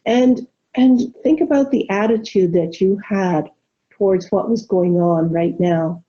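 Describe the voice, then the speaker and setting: A woman minister giving a gentle, reflective sermon, telling a story and leading soft spoken affirmations. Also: medium pitch, measured pace. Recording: dull lo-fi recording.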